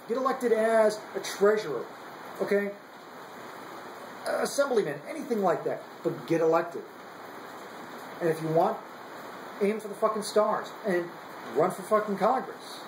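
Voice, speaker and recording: A man's voice: sits high, lively intonation, normal speed, long pauses, echoey room, noisy background. Angry, profane man ranting. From United States. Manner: profane, heated, repetitive. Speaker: active duty service member. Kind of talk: angry political rant.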